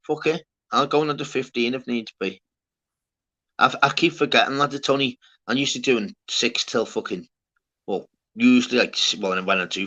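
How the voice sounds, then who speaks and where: This is a man hosting a livestream, chatting loosely to his viewers. He rambles in slangy bursts and keeps tagging "lad" onto things. His voice has a bright, forward tone. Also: medium pitch, lo-fi sound. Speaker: livestream host. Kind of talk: casual livestream chat.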